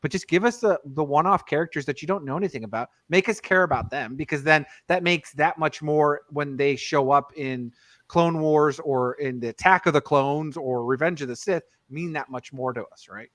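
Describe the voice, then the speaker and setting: A man's voice: fairly high pitch, moderate pace, a bit bright, dry recording. A man co-hosting a podcast in casual chat, rambling and digressive with lots of fillers. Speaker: podcast co-host.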